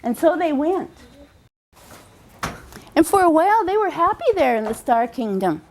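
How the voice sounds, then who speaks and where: A woman with a high voice tells a folk tale aloud. She is lively and warm in pacing, slowing down for emphasis and repeating key phrases for rhythm. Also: slight background noise. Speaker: storyteller. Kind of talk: oral storytelling of a folk tale.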